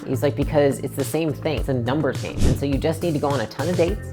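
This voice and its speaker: Speaking quickly in a bass voice over background music, a woman in her twenties tells a personal story in a relaxed, chatty way. "Like" crops up constantly, and she performs the quoted lines.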